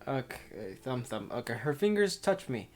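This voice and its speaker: A man's voice: medium pitch, sing-song, normal speed, darkish tone, soft background music. A man reading a visual novel aloud with his own commentary, rambling and cutting himself off. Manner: rambling, self-interrupting, laughs often. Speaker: let's player.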